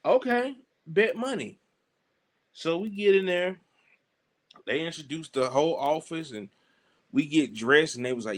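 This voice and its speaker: A lively man with a Southern US accent tells a story as an interview guest. His voice sits a little high for a man, and he slips into other people's voices as he goes, full of slang. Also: moderate pace, pauses often. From Southern United States. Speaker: guest wrestler. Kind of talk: animated storytelling.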